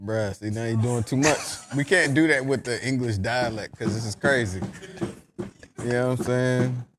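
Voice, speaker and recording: A man's voice: medium pitch, normal speed, noisy background. A man co-hosting a casual podcast chat, laid-back and laughing often.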